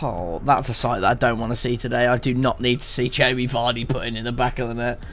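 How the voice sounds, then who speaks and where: A young man commentating on a football video game, groaning and shouting at every twist of the play. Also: medium pitch, fairly even intonation, fast talker. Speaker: gaming co-commentator. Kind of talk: live gameplay commentary.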